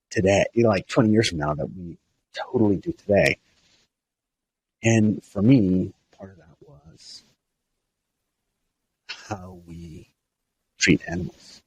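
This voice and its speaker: A man's voice: fairly low pitch, creaky, a little mellow, slight background noise. A man who is a minister, talking in a reflective interview, hesitant and thoughtful, with frequent restarts and fillers.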